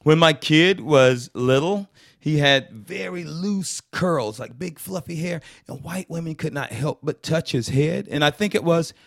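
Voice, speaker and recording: A man from Georgia, a guest actor chatting casually and telling animated stories. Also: on the high side, measured pace, vocal fry. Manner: animated storyteller who slips into voices. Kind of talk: casual chat.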